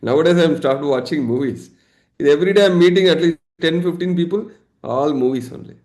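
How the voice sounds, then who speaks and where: A man teaching a live online session as a meditation coach, lively, acting out everyday examples and laughing. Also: fairly high pitch, fairly quick, echoey room. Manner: animated, acts out examples, laughs often.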